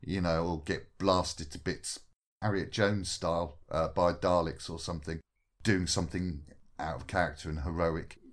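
A man's voice: deep voice, fairly even intonation, moderate pace. A man in a casual podcast chat who talks in a chatty, hesitant way and likes to make puns. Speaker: podcast co-host.

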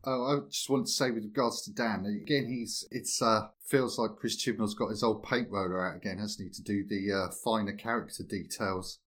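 A man's voice: fairly low pitch, fairly even intonation, normal speed, few pauses, fairly bright tone. A man co-hosting a podcast, speaking hesitantly with frequent restarts. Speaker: podcast co-host. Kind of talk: casual podcast discussion.

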